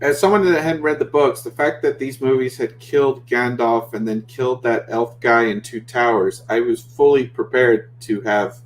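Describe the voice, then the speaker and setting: A man joins a casual watch-party chat with a joking, playful manner. He spins trivia into jokes. His voice sits at an average pitch. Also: fairly even intonation, moderate pace, hardly any pauses, a little hiss or hum.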